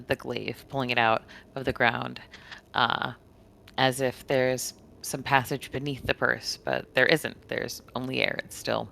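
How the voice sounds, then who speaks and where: A woman's voice: very deep voice, vocal fry, sharp tone. A woman narrating her character's actions in a tabletop game, descriptive and playful. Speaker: player. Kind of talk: tabletop role-play narration.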